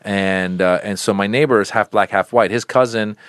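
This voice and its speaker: A man's voice: lowish voice, moderate pace, a bit bright, no echo, clean studio sound. A middle-aged man, a comedian guest, telling stories in a casual interview, rambling with many restarts and now and then acting out the voices of people in his stories. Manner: rambling, restarts often, acts out voices in quotes. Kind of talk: casual storytelling in a podcast interview.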